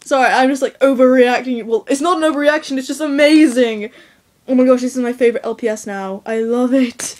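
A teenage girl gushing and squealing with excitement as she opens a package of toys. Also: high voice, fairly quick, noisy background. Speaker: toy collector vlogger. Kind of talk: excited unboxing vlog.

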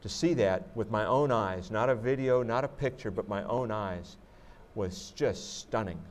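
A man's voice: on the low side, measured pace. A man, an astronaut guest, answering audience questions in a reflective way, often restarting his sentences. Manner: reflective, with many restarts and "you know". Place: museum auditorium.

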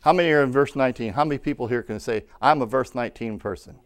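A man preaching a sermon, telling a personal story and rising to loud calls of amen. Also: mid-range voice, fast. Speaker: pastor.

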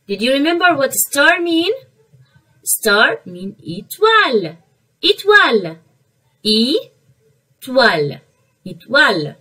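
A woman teaching an online French vocabulary lesson to young children, repeating each word slowly to drill pronunciation. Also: on the high side, a bit bright, breathy edge, far from the mic, poor audio.

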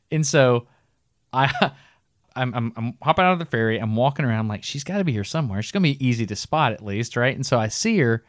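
A middle-aged man spins a story on a podcast, animated and quick to laugh. His voice sits in an ordinary middle range. The studio sound is close and dry, with no room echo. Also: mid-range voice. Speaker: podcast co-host. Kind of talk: casual storytelling chat.

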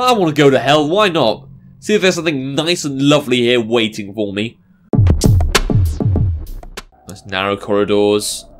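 A man's voice: mid-range voice, a bit bright, a little hiss or hum. Sarcastic man playing a game. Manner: sarcastic, swearing, talks to the game. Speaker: gaming commentator. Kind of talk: casual let's-play commentary.

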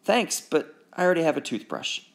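Male reader playing a bold, giggly young girl in a storybook, high and bouncy. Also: sing-song, fairly quick, gravelly. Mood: playful.

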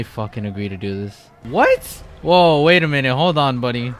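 A man's voice: medium pitch, expressive, moderate pace, few pauses, slight background noise. A young man giving casual let's-play commentary, jumpy and profane, rambling through his reactions. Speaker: gamer.

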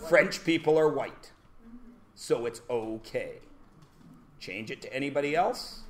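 A man's voice: medium pitch, animated, slow pace, pauses often, slight background noise. A man teaching a class, blunt and provocative, talking over his students. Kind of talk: classroom lecture.

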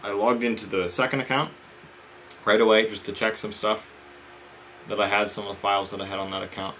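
A man with a low voice vents to his viewers in a casual, exasperated ranting style. He swears freely and keeps throwing in "man" and "guys". A faint hum of room ambience sits behind him. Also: level tone, a little fast, sharp tone. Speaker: vlogger.

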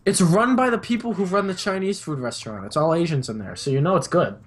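Brief: young male streamer, higher voice, rambling banter with deadpan asides. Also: quick pace, slightly rough. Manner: jokey, rambling, drops his voice low for deadpan asides. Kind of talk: casual stream chat.

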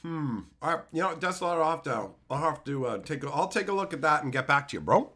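Man, live streamer, profane and jokey, bright forceful voice, calls chat bro. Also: a little high, lively intonation. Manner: rowdy, swearing, quick to laugh, calls viewers bro and son.

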